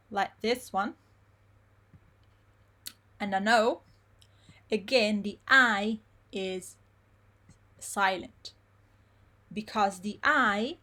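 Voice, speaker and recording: A woman teaching pronunciation in a live online lesson, repeating words slowly syllable by syllable. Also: mid-range voice, pushed and bright. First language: Italian. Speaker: Italian teacher.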